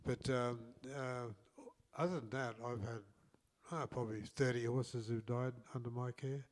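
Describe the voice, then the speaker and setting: An older man with an Australian accent, co-hosting a casual chat and speaking in a halting way that repeats words. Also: mid-range voice, steady tone. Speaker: co-host.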